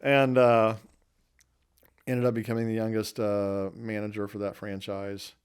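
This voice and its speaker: A man's voice: lowish voice, little pitch movement, unhurried, smooth. A man in his fifties telling folksy, rambling anecdotes about his restaurant career in a casual interview. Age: 50s.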